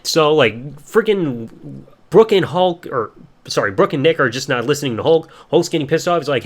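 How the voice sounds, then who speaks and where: A man's voice: a little high, expressive, moderate pace. Rambling young man reviewing a show. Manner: rambling, swears casually. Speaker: podcast host. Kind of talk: casual solo review podcast.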